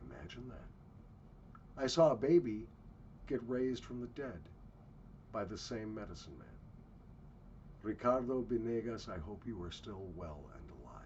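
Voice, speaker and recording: A man with a fairly low voice rants and tells travel stories in a blunt, profane way. He is walking outdoors. The recording is slightly muffled, with faint ambient noise behind him. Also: very animated, moderate pace, long pauses, a little mellow. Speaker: travel vlogger. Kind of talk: ranting travel monologue.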